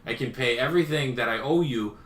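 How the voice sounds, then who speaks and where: A man voicing a male smuggler pleading with a crime boss, slow and low in an echoey room. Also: fairly bright tone, far from the mic, natural voice.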